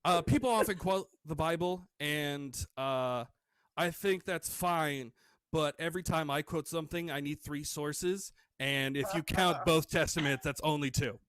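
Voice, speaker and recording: A man's voice: a little high, measured pace, a bit bright, clear, resonant tone, no room sound. A man doing a wry, self-deprecating stand-up set on a video call. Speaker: stand-up comedian. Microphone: desk microphone on a video call.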